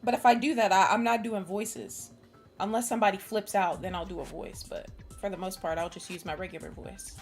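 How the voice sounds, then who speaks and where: A woman's voice: mid-range voice, fairly even intonation, brisk. Young woman streamer, casual, nervous chatter full of swearing, faint game music under her voice. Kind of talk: casual live-stream chat.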